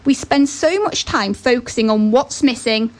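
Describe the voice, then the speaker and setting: A woman's voice: a little high, moderate pace, darkish tone. A woman giving an earnest motivational talk and telling a story, with chatty asides.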